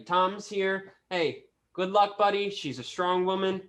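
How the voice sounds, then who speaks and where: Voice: mid-range voice, steady tone, measured pace, few pauses, a bit bright. A player in a tabletop game, joking in an offhand way while in character.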